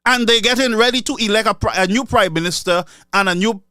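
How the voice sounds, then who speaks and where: A man with a Saint Lucian accent delivers a mocking political commentary, slipping between English and Creole. His voice sits high for a man. The recording is dry, with no room sound. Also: fast talker, pushed and bright, no echo. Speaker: online commentator.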